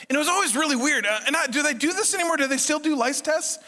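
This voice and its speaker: A middle-aged man gives a comic, story-driven motivational talk from a stage. His voice sits high and bright, and he talks in an animated, chatty way. A long hall reverb trails every phrase. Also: quick pace, hardly any pauses. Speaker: motivational speaker.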